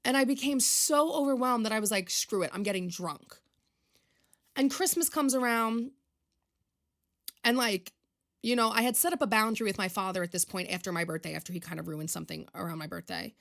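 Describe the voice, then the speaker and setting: A woman's voice: fairly high pitch, steady tone, fairly quick, vocal fry, fairly bright tone. A young woman, chatting on her own podcast in a rambling, confessional, emotional way. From Long Island, New York. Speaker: podcast host. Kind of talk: casual solo podcast chat.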